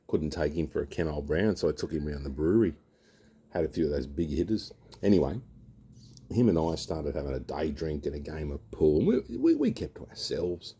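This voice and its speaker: A man's voice: a bass voice, fairly quick, mellow, husky. A middle-aged Australian man telling a rambling, slangy yarn on his beer review vlog, swearing freely as he goes. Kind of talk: casual storytelling.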